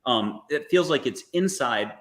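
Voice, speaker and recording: Animated man guiding listeners. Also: medium pitch, unhurried. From United States. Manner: animated, coaxing, joking. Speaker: guest, angel intuitive. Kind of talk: guided visualization talk.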